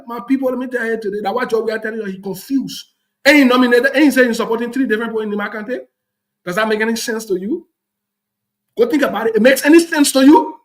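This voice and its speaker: The audio is poor, and the speaker is a very high-pitched man with a Liberian English accent hosting a talk show. He lectures on politics with heat, emphasis, and plenty of repetition.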